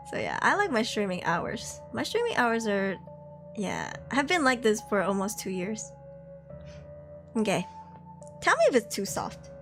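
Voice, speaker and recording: A woman's voice: fairly high pitch, a bit bright. A woman hosting a livestream, chatting casually in a bubbly, giggly, slangy way while she sets up horror story reading. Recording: horror background music under the voice. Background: background music.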